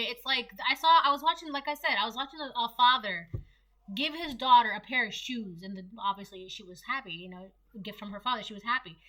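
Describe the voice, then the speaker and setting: A woman's voice: fairly high pitch, sharp tone. A young woman giving a casual solo tarot reading, rambling and chatty with lots of fillers. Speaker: tarot reader.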